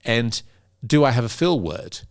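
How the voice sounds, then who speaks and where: A middle-aged man, a pitch coach, explaining in an interview and demonstrating vocal emphasis. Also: sing-song, unhurried. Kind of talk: interview conversation.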